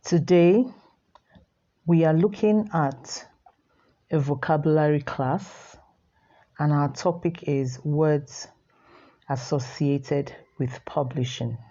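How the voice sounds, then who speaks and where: A woman teacher gives an online class from home, speaking slowly and repeating key words for her students. Her voice is mellow and dark. The recording sounds dull and lo-fi. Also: sits low. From Nigeria.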